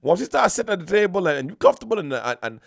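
Preachy high-voiced man, gravelly. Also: big pitch swings, very fast, dry recording, clean studio sound. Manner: preachy, emphatic, mock-sermon tone with repetitions. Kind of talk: comic lecturing monologue.

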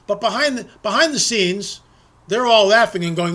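A middle-aged man hosts an opinionated political monologue in a high, expressive voice that sounds pushed and bright. Speaking fairly quickly, he talks emphatically and repeats words to press his points.

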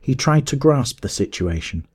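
A man narrating a classic adventure story as an audiobook, in a measured storytelling manner. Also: mid-range voice, slightly rough. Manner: measured, even storytelling that rises to shouts in dialogue.

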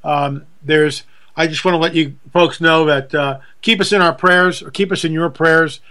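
A man's voice: a little high, steady tone, moderate pace, pushed and bright. A middle-aged man hosting a radio talk show, chatty and self-deprecating, in a folksy manner. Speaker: radio host.

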